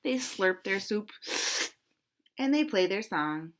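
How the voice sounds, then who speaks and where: Lively woman reading a picture book aloud. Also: mid-range voice, takes it slowly, slight background noise. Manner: animated and interactive, pointing at pictures.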